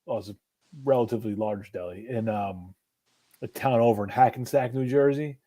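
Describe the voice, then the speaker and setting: A man's voice: mid-range voice, moderate pace, warm tone. Laid-back storytelling man, swears freely. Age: middle-aged. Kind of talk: casual chat.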